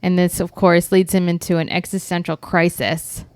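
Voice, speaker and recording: A woman's voice: lowish voice, level tone, moderate pace, clean tone, no echo. A woman co-hosting a podcast, summing up TV plot points in a laid-back, slightly hesitant casual chat. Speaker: podcast co-host. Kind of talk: casual chat recapping a TV show.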